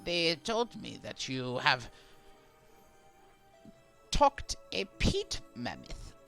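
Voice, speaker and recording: A man voicing an old, hunched, garlic-headed male sage in a tabletop game, speaking in a slow, formal, halting way. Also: mid-range voice, huge pitch swings, vocal fry, a bit bright, faint music behind, exaggerated voice. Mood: measured.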